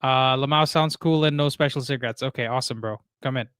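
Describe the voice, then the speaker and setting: Relaxed man hosting a live stream. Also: medium pitch, fast, hardly any pauses, smooth, no room sound, studio quality. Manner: relaxed, reads chat messages aloud, many fillers. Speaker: livestream host. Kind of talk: casual live stream chat.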